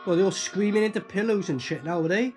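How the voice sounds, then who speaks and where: A film reviewer giving casual, profane reaction commentary and acting out characters in quick asides. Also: medium pitch, loud music behind the voice.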